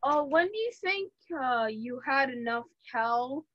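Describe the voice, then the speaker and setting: A woman's voice: sits high, expressive, unhurried, no echo. A woman hosting an interview, asking playful, jokey questions in a casual chat. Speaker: host. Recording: dry, dull lo-fi sound.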